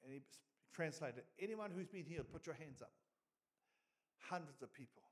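A middle-aged New Zealand man preaching with a fairly high voice and lots of swing between loud, emphatic peaks and hushed storytelling. He tells his stories in a loose, conversational way. His talk keeps building toward forceful punchlines. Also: normal speed. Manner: animated, rising to loud emphatic peaks and dropping quiet for stories. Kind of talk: sermon storytelling.

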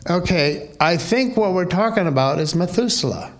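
A man's voice: high voice, animated, normal speed. A man preaching a sermon as pastor, conversational and wry, full of rhetorical questions.

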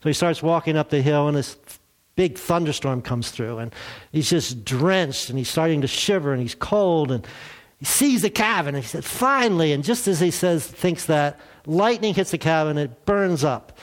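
A man's voice: fairly high pitch, normal speed. A man preaching a sermon in a church, in a conversational way, asking rhetorical questions and telling light jokes. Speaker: pastor.

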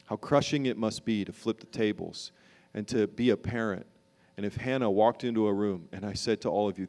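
A man preaching a sermon as a pastor, impassioned, moving between emphatic lines and hushed ones. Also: on the low side, brisk.

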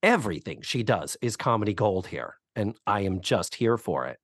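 A man's voice: fairly low pitch, moderate pace, no room sound, clean studio sound. A man co-hosting a casual podcast, recapping a sitcom episode and acting out the characters' lines. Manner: animated, acts out characters' lines in quotes. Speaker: podcast co-host.

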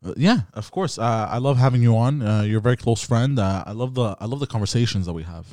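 A man's voice: mid-range voice, quick pace, warm tone, no echo. Profane joking podcast host, a man. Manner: profane, joking sign-offs. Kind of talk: casual podcast chat.

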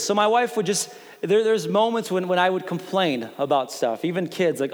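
Animated man preaching in a reverberant hall. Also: sits high, moderate pace. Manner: animated, playful storytelling with mock quotes. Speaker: pastor. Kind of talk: sermon.

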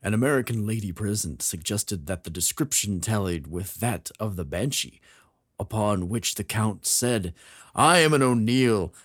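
Low-voiced man reading a folk tale. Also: lively intonation, normal speed, breathy edge, dry recording, clean studio sound. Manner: reads aloud with theatrical voices for quoted characters. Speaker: podcast co-host. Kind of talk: casual chat and reading a folk tale aloud.

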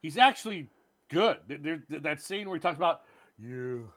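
A man co-hosting a podcast, chatting casually about bad movies and telling stories with lots of swearing and dark jokes. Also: a little high, brisk, no room sound. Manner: animated storyteller, swears freely, dark jokes. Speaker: podcast co-host. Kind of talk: casual movie-review chat.

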